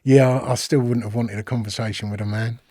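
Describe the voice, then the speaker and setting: A man's voice: medium pitch, fairly even intonation, a little fast, dark tone, dry recording, clean studio sound. Man telling a rambling story. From London. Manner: rambling, swears freely, acts out quoted exchanges. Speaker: guest. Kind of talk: casual storytelling.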